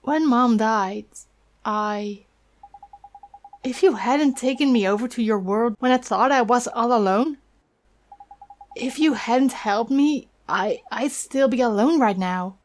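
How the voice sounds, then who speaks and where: Woman voicing a determined boy hero, heartfelt, slow and fairly high. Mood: earnest. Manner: earnest, heartfelt. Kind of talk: reading game dialogue aloud.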